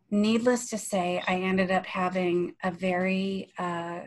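A woman's voice: lowish voice, poor audio. A woman on a panel discussion, talking candidly and animatedly, telling a story over a video call.

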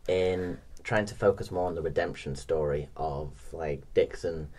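Low husky-voiced man in casual chat. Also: moderate pace, dark tone. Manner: hesitant, many fillers, laughs often. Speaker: podcast co-host.

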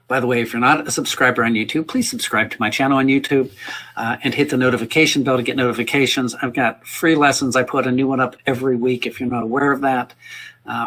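Earnest husky-voiced man teaching. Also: medium pitch, bright, forceful tone. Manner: earnest, rambling, repeats words and restarts. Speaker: music teacher leading a workshop. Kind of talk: casual spoken workshop talk. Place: indoors, livestream.

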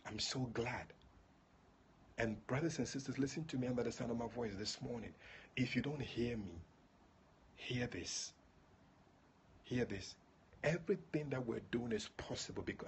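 A man who serves as a prophet and prayer leader preaches fervently at a livestreamed prayer meeting, calling on listeners by name and repeating his points. His voice is medium in pitch, and the recording carries a little hiss or hum.

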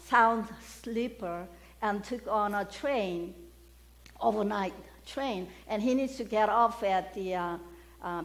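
A woman preaching a sermon, asking the congregation questions and stressing key words. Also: medium pitch. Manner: questions the congregation, emphatic call-and-response.

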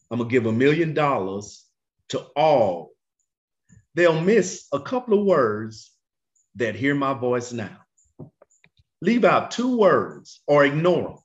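A man teaching a Bible class, questioning his students and drawling key phrases slowly for emphasis. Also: mid-range voice. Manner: animated, questions the class and waits for answers. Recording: dull lo-fi recording.

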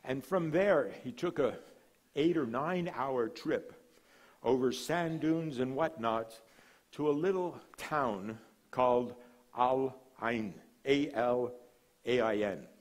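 A man preaching a sermon with a mid-range voice, building to proclaimed lines and then dropping almost to a hush. He tells stories in a relaxed, conversational way between the big statements. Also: mid-range voice, slow. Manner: dramatic preaching with sudden drops to a hush; storytelling, relaxed asides. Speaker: guest speaker, missionary.

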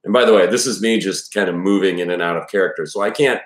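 Low-voiced rambling man from Texas. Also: fast talker. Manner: rambling and self-correcting, swears freely. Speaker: host reading a novel aloud with commentary. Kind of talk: casual spoken commentary. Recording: roomy echo.

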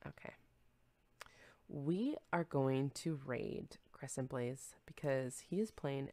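A woman's voice: extremely low pitch, expressive, slow pace, mellow, no room sound. A young woman streamer chatting casually and rambling with her viewers, easily distracted and giggling often. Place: home room.

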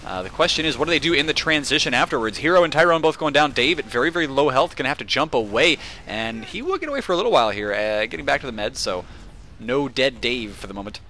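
Bright-voiced excitable esports caster man. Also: medium pitch, fast, slight background noise. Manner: excitable, jokey, rambling asides with frequent fillers. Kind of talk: solo play-by-play commentary.

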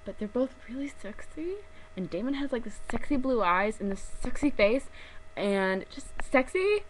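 A woman's voice: on the high side, lively intonation, moderate pace, slight background noise, poor audio. A young woman in casual chat to camera, gushing and rambling with many fillers and giggles. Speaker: vlogger.

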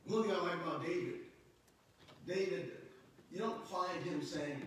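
A man's voice: high-pitched, a little slow, pauses often, slight background noise. A man preaching a sermon as pastor, reading scripture aloud and building up into passionate, raised bursts. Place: church sanctuary. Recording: echoey church hall from far off.

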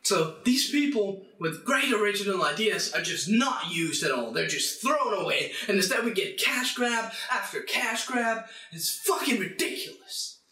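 A young man hosting a comedic, profane rant, swearing constantly and bursting into shouts. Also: high-pitched, lively intonation, moderate pace, hardly any pauses, soft background music. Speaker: channel host. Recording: echoey room.

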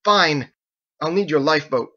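A man's voice: fairly high pitch, a little fast, fairly bright tone, husky, voice pushed up. A man voicing a desperate, frantic man who pleads in urgent outbursts, in a dull lo-fi recording. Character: frantic, soaked man desperate to save others.

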